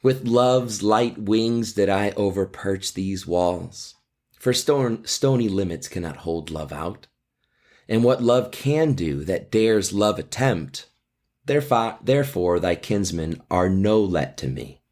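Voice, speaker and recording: A bold, devoted young man, as read by a man declaims old verse with slow, weighty emphasis. The voice sits a little lower than most men's and lifts a touch on the heartfelt lines. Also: lively intonation, darkish tone. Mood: ardent. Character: ardent young male lover, bold and devoted.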